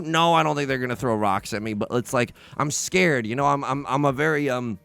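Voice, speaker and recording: A man's voice: mid-range voice, fairly quick, gravelly, fairly bright tone, clean tone, faint music behind. A man hosting a let's play from his bedroom, chatting casually and self-deprecatingly while he plays, often talking back to himself. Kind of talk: casual gaming commentary. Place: home bedroom.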